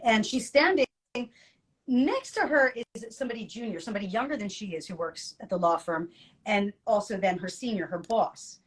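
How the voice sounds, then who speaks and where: Lively storytelling woman co-host. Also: medium pitch, moderate pace, breathy edge. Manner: lively storyteller, laughs often. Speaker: podcast co-host and coach. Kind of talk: casual podcast chat.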